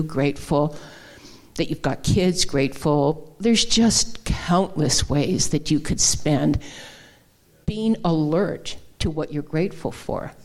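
A woman's voice: low voice, darkish tone. A woman giving a conversational, folksy sermon, with many fillers and restarts. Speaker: guest speaker. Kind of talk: informal sermon.

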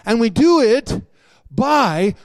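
A middle-aged man preaching a sermon, animated, swinging between shouted points and soft, quiet asides. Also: very high-pitched, takes it slowly, gravelly, a little hiss or hum.

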